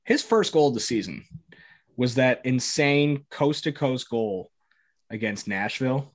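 A man's voice: medium pitch, animated, a little slow. Rambling man hosting a hockey podcast. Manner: rambling, joking, lots of fillers. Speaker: podcast host. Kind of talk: casual sports podcast chat.

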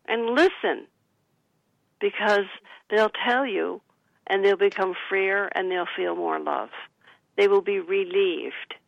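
An author talking about her book, coaching listeners gently and acting out soothing sample replies. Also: mid-range voice, slow, creaky, pauses often, dry recording, lo-fi sound. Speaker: author and guest. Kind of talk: conversational advice talk.

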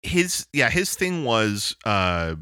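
A man's voice: mid-range voice, big pitch swings, slow pace, sharp tone, smooth, dry recording, clean studio sound. A man co-hosting a podcast, chatting casually and jokily, often breaking into silly voices to quote people. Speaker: podcast co-host. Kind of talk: casual comedic chat.

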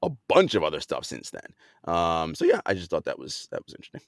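A man's voice: low voice, huge pitch swings, fairly quick, vocal fry, no room sound, studio quality. A man hosting a podcast, chatting in a laid-back way with frequent fillers and easy laughs. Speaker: podcast host. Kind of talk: casual chat.

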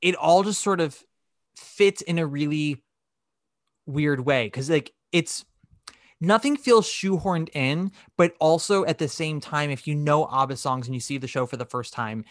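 A man co-hosting a casual podcast, telling a story with lively acted-out quotes. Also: a little high, unhurried, dry recording, clean studio sound. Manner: animated storytelling, acting out quotes. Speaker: podcast co-host.

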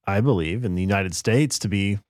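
A man's voice: fairly low pitch, brisk, a little mellow, dry recording, clean studio sound. A man co-hosting a podcast, giving sarcastic, opinionated commentary in casual chat. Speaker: podcast co-host.

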